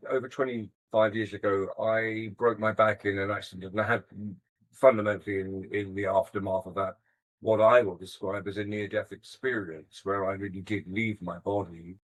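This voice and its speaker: A man's voice: lowish voice, low-quality recording. An older man, a musician being interviewed, telling stories in a thoughtful, hesitant, self-deprecating way. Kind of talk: casual interview storytelling.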